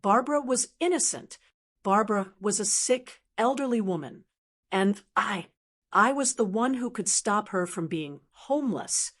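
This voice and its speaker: An older woman with a medium-pitched voice narrates a first-person audiobook story. Her delivery is calm, measured and steady.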